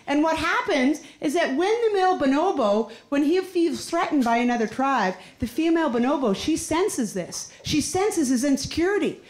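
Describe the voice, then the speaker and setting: A Canadian woman doing a stand-up comedy set in a club, telling stories animatedly and acting out characters. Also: high-pitched. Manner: animated storytelling, acts out characters. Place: comedy club stage before a laughing crowd. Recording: roomy club with crowd laughter.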